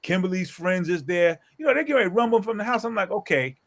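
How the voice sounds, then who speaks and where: A middle-aged pastor tells a story in a casual group talk, speaking fast in a high voice. He's animated and emphatic, often checking in with "okay?".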